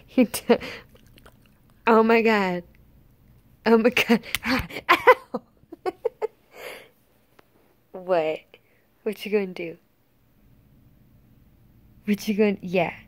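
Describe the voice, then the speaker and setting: A woman's voice: medium pitch, extremely slow, pauses often. A woman chatting casually to her pet dog on camera, playfully scolding and teasing it. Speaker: dog owner.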